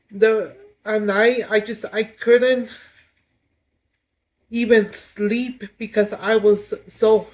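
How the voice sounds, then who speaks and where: A woman's voice: on the high side, a little mellow, rough recording. A woman vlogging at home, speaking hesitantly with many restarts as she gets emotional. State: getting emotional. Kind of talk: emotional confessional vlog.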